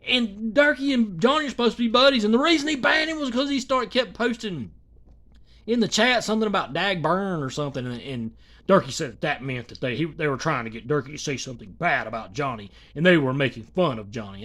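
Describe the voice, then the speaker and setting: Rambling commentator, high bright voice, casual and profane. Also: male voice, very animated, fairly quick. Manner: rambling, swearing, lots of fillers.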